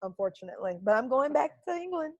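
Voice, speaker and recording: A woman's voice: high voice, big pitch swings, fast, a little mellow, dry recording, highs cut off. A woman from Canada, a guest on an interview, telling stories chattily with lots of "like" and laughter. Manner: chatty, laughs often, uses "like" a lot. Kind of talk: casual storytelling.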